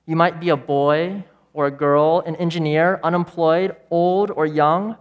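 A man preaching a sermon as pastor, emphatic, with repeated phrases and dramatic pauses. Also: fairly high pitch, fairly even intonation, lo-fi sound. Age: adult parent of young children.

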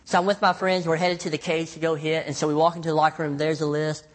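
Animated storytelling young male pastor. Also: fairly high pitch, fast talker. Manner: animated storytelling, acts out voices in quotes, self-mocking jokes. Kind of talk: sermon.

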